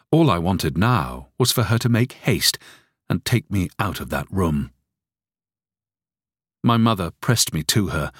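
A man narrating an audiobook story in an expressive storytelling reading. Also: low-pitched, dry recording, clean studio sound.

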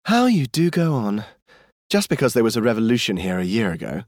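A man's voice: mid-range voice, big pitch swings, brisk, darkish tone, no room sound, lightly acted. A man voicing a weary fifty-five-year-old diplomat in an audiobook, speaking dryly and patiently. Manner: dry, patient, protesting. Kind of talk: audiobook character voice.

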